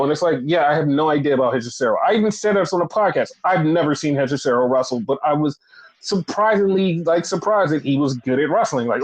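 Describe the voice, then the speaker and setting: Young male podcast co-host, high-pitched, profane rant, filler-heavy. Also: animated, quick pace. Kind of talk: casual critical rant.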